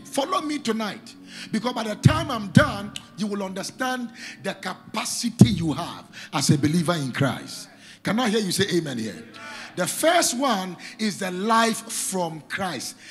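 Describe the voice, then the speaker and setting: A man preaching a sermon, calling out to the congregation and rising into shouted, sing-song lines. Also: high voice, big pitch swings, unhurried, soft background music.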